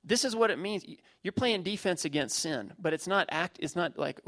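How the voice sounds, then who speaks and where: A man's voice: on the high side, animated, moderate pace, few pauses, fairly bright tone. A middle-aged man preaching a sermon, emphatic, repeating key phrases and using everyday illustrations. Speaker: pastor.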